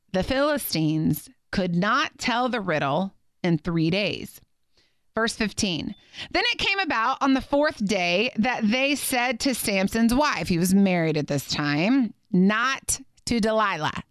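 Chatty woman teaching the Bible, slightly high voice. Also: dry recording, clean studio sound. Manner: chatty and animated, with playful asides between verses. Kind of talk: Bible teaching podcast, reading scripture and commenting.

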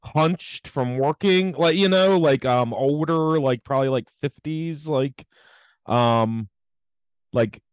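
A man's voice: fairly high pitch, takes it slowly, smooth, dry recording. A man co-hosting a podcast, speaking hesitantly with many fillers as he searches for words. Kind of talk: casual chat.

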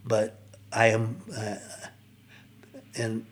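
An older man with a low, husky voice speaks as a podcast guest. He tells his personal recovery story in an earnest, reflective way and pauses often. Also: completely flat delivery.

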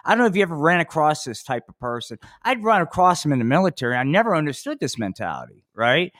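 A man's voice: a little high, very animated, quick pace, a bit bright, no room sound, clean studio sound. A man co-hosting a podcast in casual chat, laid-back and drawling, filling his talk with "man" and "you know.". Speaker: podcast co-host.

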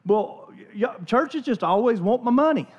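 A man's voice: extremely high pitch, expressive, normal speed, a little mellow, husky, muffled recording, voice pushed up, heavily acted. A man voicing a skeptical male churchgoer with a put-on Southern US redneck accent and a whiny, mocking drawl. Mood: grumbling. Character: skeptical male churchgoer, grumbling about money.

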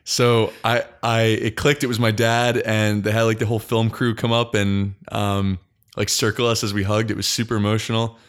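A young man telling a long personal story in casual podcast chat, halting often and restarting his sentences. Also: fairly low pitch, flat delivery. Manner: halting, frequent restarts and fillers.

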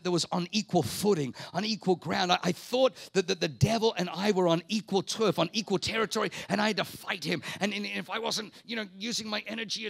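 A man's voice: high voice, creaky, fairly bright tone, no room sound. A man preaching a sermon with emphatic, repetitive phrasing, rhetorical questions and calls for the congregation to respond. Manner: calls the audience to respond aloud. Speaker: pastor.

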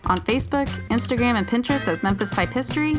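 Female podcast co-host, reads history aloud, giggles and stumbles, soft music bed. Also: on the high side, fast talker. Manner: giggly, stumbles over words. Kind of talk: reading history aloud, casual chat.

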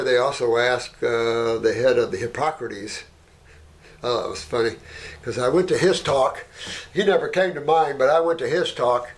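A man who runs an herbal clinic, talking casually and rambling through anecdotes, often tagging "you know" and "right?", and growing animated as he tells them. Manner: animated, jumps up in pitch when telling stories.

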